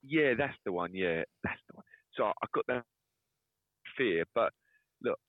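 A man's voice: on the low side, lively intonation, normal speed, dry recording. A man co-hosting a football podcast in casual chat, hesitant and restarting his sentences. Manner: hesitant, repeats words as he starts sentences. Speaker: podcast co-host. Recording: tinny phone-like line.

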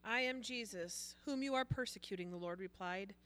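A woman reading Bible verses aloud during a sermon in a measured, plain way. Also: medium pitch, a bit bright. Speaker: scripture reader.

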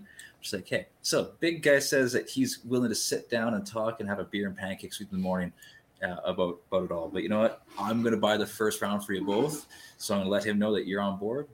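A man's voice: low-pitched, a little hiss or hum. A man casually telling a long story, rambling and swearing freely as he acts out the scene. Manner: rambling, profane, lively retelling.

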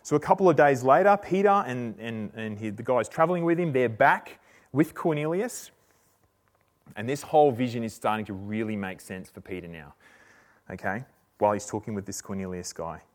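A man preaching a sermon, retelling a story in a relaxed, chatty way with slang and frequent restarts. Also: medium pitch, normal speed.

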